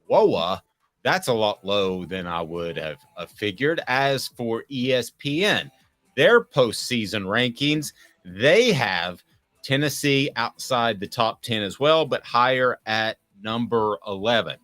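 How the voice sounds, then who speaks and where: A man hosting a casual sports talk show, asking questions and giving opinions in a loose, lively way. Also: mid-range voice, slow, dry recording, faint music behind.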